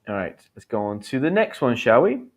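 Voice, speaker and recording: A man in his thirties teaching English slang live, chatty, explaining with quick examples and acted lines. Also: mid-range voice, sing-song. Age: 30s. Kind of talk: live-streamed English lesson.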